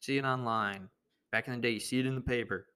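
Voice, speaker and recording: A man's voice: mid-range voice, fairly even intonation, fast, pushed and bright, clean tone. A young man hosting a podcast, telling a rambling, profane story in a laid-back, casual monologue. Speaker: podcast host.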